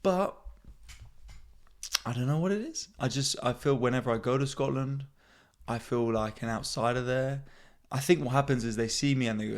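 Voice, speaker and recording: A man's voice: mid-range voice, moderate pace. A man in his thirties hosting a comedy podcast, rambling in a self-mocking way and swearing freely. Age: 30s. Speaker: podcast host. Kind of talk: casual comedic monologue.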